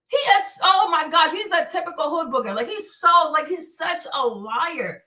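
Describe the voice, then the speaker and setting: A woman hosting her own stream, talking in an animated, blunt way with plenty of profanity and repetition. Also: high voice, normal speed, few pauses. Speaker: show host. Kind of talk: livestream commentary rant. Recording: echoey room, distant from mic.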